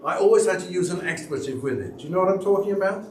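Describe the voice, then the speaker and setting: A man's voice: rapid-fire, a little mellow, a little hiss or hum. A man, a church elder, preaching a sermon and telling stories that act out the people he quotes. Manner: storytelling, acts out quoted people with big pitch jumps. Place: church sanctuary. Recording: echoey church hall, mic at a distance.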